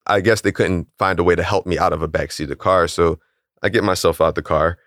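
A young man calmly and plainly recounting a personal story in a casual interview. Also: deep voice, fast, no echo, clean studio sound. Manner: calm, matter-of-fact, chuckles at odd details.

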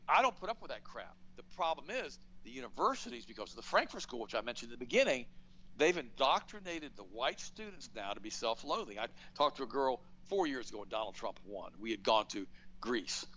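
A man's voice: medium pitch, rough recording. Emphatic middle-aged man ranting. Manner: emphatic, animated, blunt storytelling with acted-out quotes. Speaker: radio show host. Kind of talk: political commentary, conversational monologue.

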